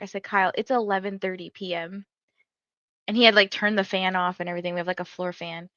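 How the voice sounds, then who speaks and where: Young woman stream host, bright forceful voice, chatty, filler-heavy, dry slightly dull mic. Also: mid-range voice, fairly even intonation, fast, no echo. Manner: chatty storytelling, many "like" fillers, laughs often. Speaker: livestream host of reading sprints. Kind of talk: casual chat to livestream viewers.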